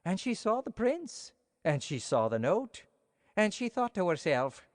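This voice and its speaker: Playful bedtime story reader, swoops up and down, slow and easy. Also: medium pitch, sing-song. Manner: playful, addresses listeners directly. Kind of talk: reading a bedtime story to children. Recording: long hall reverb.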